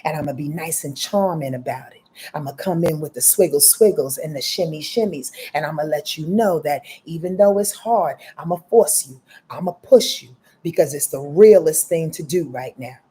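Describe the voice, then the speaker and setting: A woman doing a low, coaxing motherly voice that is charming but firm. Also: brisk, dark tone, breathy edge. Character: charming, coaxing mother pushing you along.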